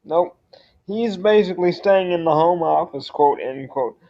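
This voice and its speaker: Guy player chiming in, slightly high voice, muffled lo-fi sound. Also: measured pace, dark tone. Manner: brief, matter-of-fact remarks. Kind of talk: casual chat.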